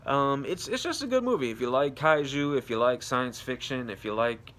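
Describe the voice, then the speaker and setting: In a medium-pitched, somewhat bright voice, a young man delivers a casual movie review at a moderate pace. He's animated and loose, rambling unscripted, swearing freely and trailing off into fillers.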